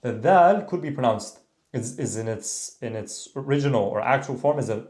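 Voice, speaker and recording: A man giving a language lesson, explaining phrases in a relaxed way and checking in often with the viewer. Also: medium pitch, moderate pace. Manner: relaxed explaining, repeating phrases, frequent "okay?" and "tamam?". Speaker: Arabic teacher. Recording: echoey room.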